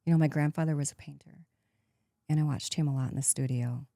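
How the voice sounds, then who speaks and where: A woman in her fifties talks through her stories as an interview guest, acting out what others said and breaking into laughs along the way. Her voice sits very low for a woman, with a soft, mellow tone. The sound is dry and close. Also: fast, no room sound. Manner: lively storyteller, acts out quotes, laughs often. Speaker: guest, actress turned painter. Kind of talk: casual interview chat.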